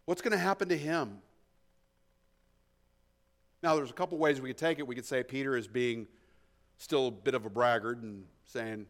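A man preaching an expository sermon, emphatic, swinging between hushed asides and loud stresses, often repeating words as he thinks. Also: mid-range voice, moderate pace, long pauses. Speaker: pastor.

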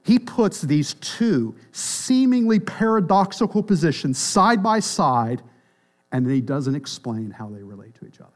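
Man preaching a sermon, high voice, emphatic, loud then hushed, church. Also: very animated, unhurried. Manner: emphatic, rises and drops sharply in pitch and volume. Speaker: pastor.

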